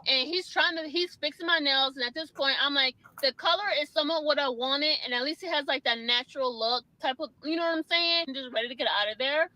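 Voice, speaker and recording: In this clip's storytime, a young woman recounts a terrible trip to the salon, exasperated, casual, and talking quickly with plenty of fillers. Her high voice has a sharp tone, and the rough recording has no echo.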